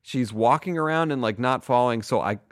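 A man's voice: medium pitch, brisk, no room sound, studio quality. A middle-aged man co-hosting a podcast, chatting casually and telling a story with wry, profane humor. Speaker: podcast co-host. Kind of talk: casual chat.

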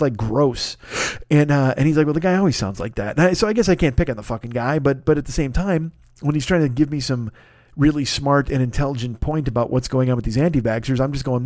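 A man's voice: on the high side, darkish tone, no echo, clean studio sound. A man in his fifties hosting a casual solo podcast, rambling and swearing freely with self-mocking asides. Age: 50s. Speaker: podcast host.

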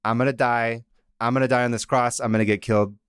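A man's voice: mid-range voice, fairly even intonation, fast, clean tone, no room sound, studio quality, natural voice. A man doing a resigned, steadfast Jesus.

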